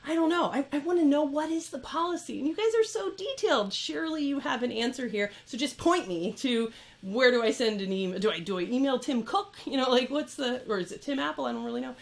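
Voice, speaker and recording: A woman's voice: sits high, fast talker, gravelly. Exasperated woman ranting to camera. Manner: exasperated, incredulous, lively with laughs. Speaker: repair shop owner and channel host.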